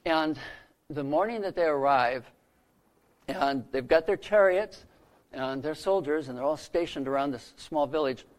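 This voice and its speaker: A man preaching a sermon who retells scripture stories, lifting his voice for quoted lines and dropping soft and low to land a point. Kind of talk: sermon storytelling.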